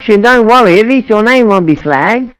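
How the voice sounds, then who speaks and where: A man doing a deadpan fox-runner with a sore groin. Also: sits high, normal speed, poor audio. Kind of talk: AI-voiced comedy sketch.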